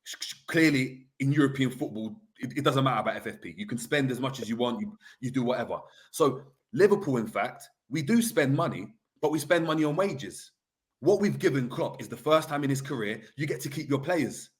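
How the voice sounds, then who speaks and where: A man with a mid-pitched voice lays out his reasoning step by step in a fan debate. He stays measured and explanatory rather than heated. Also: expressive. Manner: measured, explanatory, builds an argument. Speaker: football fan pundit.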